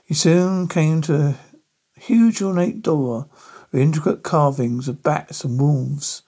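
A man reading a spooky story aloud in a halting manner, stumbling over words. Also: a little high, dark tone, breathy edge. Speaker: narrator.

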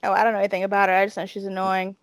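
A woman's voice: medium pitch, monotone, racing, no room sound. Chatty Southern woman, dry close mic. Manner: chatty, hesitant restarts, emphatic. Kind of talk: casual chat about wrestling.

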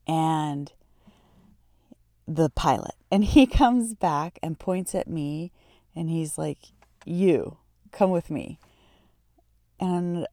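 A woman's voice: on the low side, warm tone, dry recording, clean studio sound. A woman, hosting a podcast and telling a personal story in a reflective way, often searching for words. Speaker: podcast host.

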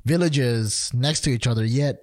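A man's voice: mid-range voice, moderate pace, no echo, studio quality. A man chatting casually, rambling and playful, with many fillers and restarts. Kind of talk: casual chat.

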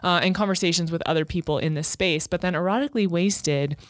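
A woman's voice: fairly low pitch, fairly even intonation, quick pace, no echo, clean studio sound. A woman co-hosting a podcast in playful casual chat, reading sponsor notes and interviewing a guest. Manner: playful, giggly banter. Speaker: podcast co-host.

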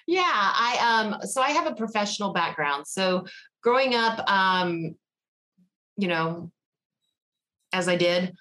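A woman's voice: medium pitch, animated, takes it slowly, long pauses, bright, forceful tone. Chatty Southern woman telling stories. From Georgia, US. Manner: chatty storyteller, laughs often. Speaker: podcast guest. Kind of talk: casual interview chat.

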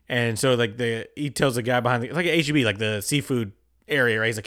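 A man's voice: mid-range voice, fast talker, a bit bright. A man chatting casually about a TV show, retelling scenes animatedly, laughing often and swearing. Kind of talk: casual chat.

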